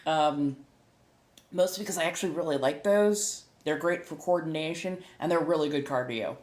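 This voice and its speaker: A woman's voice: deep voice, normal speed, darkish tone. A woman from the United States chatting casually with live viewers, rambling and laughing often, correcting herself as she goes. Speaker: streamer and tarot reader. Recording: echoey room.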